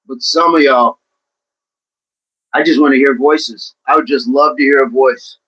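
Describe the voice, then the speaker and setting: A man's voice: medium pitch, fairly even intonation, unhurried, sharp tone, slightly rough, highs cut off. A man hosting a casual livestream, talking to viewers by name and encouraging them. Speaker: livestream host reading chat.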